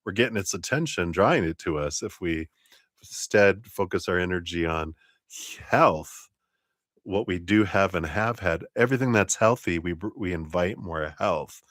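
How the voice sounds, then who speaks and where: Low-voiced man giving tarot readings. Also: normal speed, dry recording, studio quality. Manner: animated, talks of energy and gratitude. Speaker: tarot reader. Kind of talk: live-stream tarot reading.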